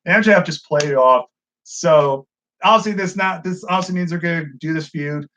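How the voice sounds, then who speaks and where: A man co-hosting a wrestling review show in casual, profane commentary, excitable and acting out what the wrestlers said. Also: a little high, brisk, slight background noise. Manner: excitable, swears a lot, acts out quotes. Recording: dull lo-fi sound.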